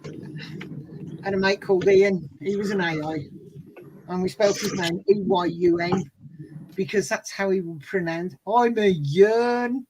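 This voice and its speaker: A woman's voice: on the low side, fairly even intonation, a little slow, long pauses, darkish tone, husky. A woman from Birmingham with a Birmingham accent, telling stories and laughing in a casual group chat. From Birmingham, England. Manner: chatty, laughing storyteller. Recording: noisy background.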